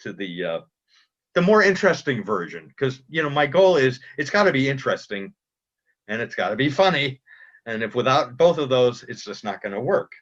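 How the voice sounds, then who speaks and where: A man speaking as a cartoonist guest in a casual interview, talking in halting starts and restarts. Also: mid-range voice, big pitch swings. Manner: halting, self-interrupting, chuckling. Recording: dull lo-fi audio.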